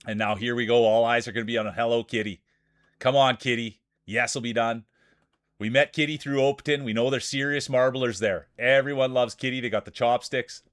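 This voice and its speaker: A man with a broad rural Saskatchewan Canadian accent calls a live-streamed marble race at an ordinary pitch. He hypes up each racer with playful announcer shout-outs. The sound is dry and close, with no room in it. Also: no echo.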